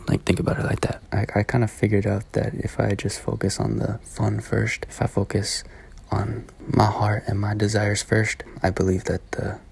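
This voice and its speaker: A young man vlogging to his viewers in a casual, rambling, self-deprecating way, halting often and restarting his sentences. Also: fairly low pitch, creaky, a little mellow, husky. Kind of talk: casual talk to camera.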